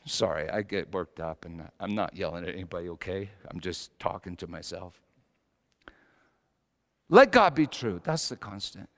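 A pastor preaching a sermon, swinging between loud exclamations and hushed asides. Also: male voice, low-pitched, animated, moderate pace, gravelly. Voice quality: slight whistle on a false tooth. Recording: long echoing hall reverb.

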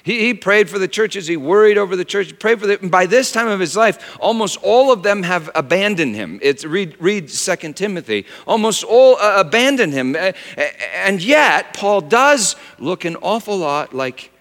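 A man's voice: high voice, big pitch swings, moderate pace, a bit bright. A man preaching a sermon as pastor, telling stories conversationally with rhetorical questions and off-the-cuff asides. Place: church sanctuary. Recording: long reverb of a large hall.

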